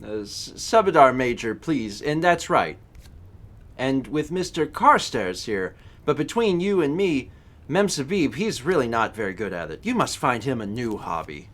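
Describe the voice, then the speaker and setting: A man's voice: medium pitch, sing-song, normal speed, a bit bright. A man voicing a stiff, proud old retired army major who talks formally and keeps correcting others. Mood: confiding.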